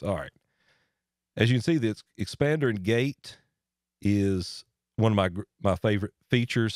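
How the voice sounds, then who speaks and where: Brief: man, lowish voice, dry close studio mic, easygoing gear-demo host. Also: no room sound. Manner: relaxed, folksy explaining with asides. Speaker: audio gear tutorial host. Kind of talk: casual hands-on equipment demo. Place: home studio with air handler running. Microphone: dynamic studio mic through a voice processor.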